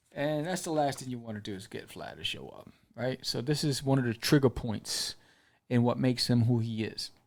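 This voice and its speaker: A man hosting an indie comics podcast, telling the story in a loose, animated way. He slips into quick character voices and fills pauses with "you know" and "um". His pitch sits in an ordinary middle range. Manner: animated storyteller, acts out character lines, many fillers. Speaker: podcast host reviewing comics. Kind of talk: casual recap and review.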